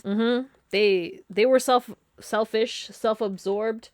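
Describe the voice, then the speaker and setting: A woman's voice: a little high, steady tone, slow pace, dry recording. A woman giving a casual pick-a-card tarot reading. She is chatty, laughs often and throws slangy asides to her viewers. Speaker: tarot reader.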